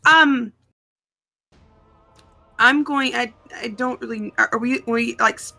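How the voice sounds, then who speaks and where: A woman's voice: a little high, slow pace, creaky, sharp tone, faint music behind. A woman in casual chat as a tabletop game player, hesitant with restarts.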